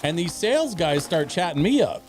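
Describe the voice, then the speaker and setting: Rambling storyteller man, slightly high voice. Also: big pitch swings, normal speed, darkish tone, faint music behind. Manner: rambling, many restarts and fillers. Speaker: streamer. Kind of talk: casual storytelling while gaming.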